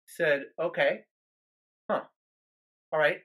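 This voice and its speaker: A man's voice: on the high side, steady tone, takes it slowly, long pauses, a bit bright. Earnest man telling a ministry story. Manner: earnest, many restarts and repeated words. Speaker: guest minister. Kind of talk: storytelling in a podcast interview.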